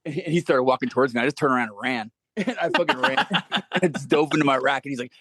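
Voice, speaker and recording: Fast-talking profane man, dry sound. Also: medium pitch, very animated, creaky, a bit bright, no echo. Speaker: guest, former Marine. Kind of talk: casual storytelling.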